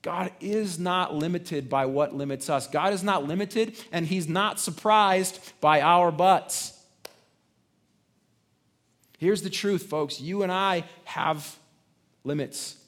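Higher-voiced man preaching a conversational sermon. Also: slow pace, a bit bright. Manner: conversational preaching with frequent restarts and tag questions. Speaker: pastor.

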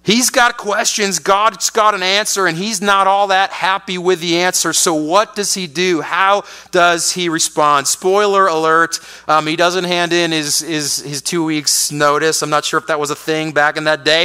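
A man with a high, bright and ringing voice preaches a sermon in an easy, conversational way. His delivery is clear and crisp, and he grows animated as he retells the prophet's complaints. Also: normal speed, few pauses. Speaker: pastor.

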